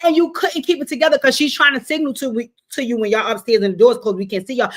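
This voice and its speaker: A woman hosting a casual reality TV commentary show, profane and animated, with sudden shouting bursts and mimicked voices. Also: high voice, quick pace, hardly any pauses. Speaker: show host.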